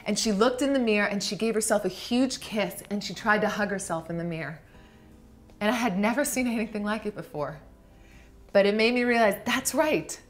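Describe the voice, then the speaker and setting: A woman telling an emotional personal story to an audience, slowing down and softening her voice for emphasis. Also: mid-range voice. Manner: heartfelt, slows down for emphasis, softens to a hush.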